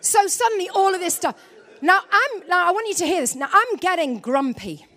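Woman preaching, high voice, very animated, goes from loud to quiet low asides. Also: normal speed. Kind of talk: lively sermon.

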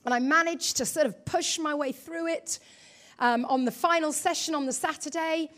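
A woman preaching a sermon, animated and emphatic, acting out her own quoted thoughts and asking the congregation questions. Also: high voice, normal speed.

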